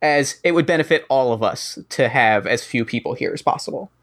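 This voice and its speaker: A tabletop player voicing a sly, polite male rebel agent who speaks in a measured way. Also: medium pitch, expressive, fairly bright tone. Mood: conspiratorial.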